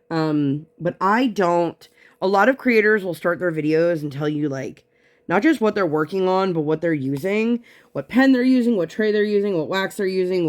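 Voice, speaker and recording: A woman in her thirties chatting casually at her home craft desk, telling rambling, animated stories with frequent asides. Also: on the low side. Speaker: craft vlogger. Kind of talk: casual chat while crafting.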